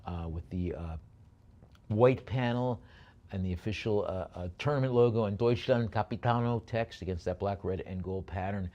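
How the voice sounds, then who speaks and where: A man's voice: fairly low pitch, normal speed, mellow, lo-fi sound. A man working as an auctioneer, calling out bids at a live auction and slipping in jokey asides between lots.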